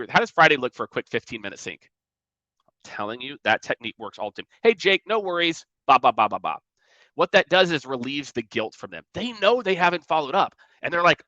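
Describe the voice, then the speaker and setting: A man giving energetic sales coaching in a conversational way, often acting out emails and calls in mocking voices. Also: a little high, no echo, dull audio. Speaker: sales trainer.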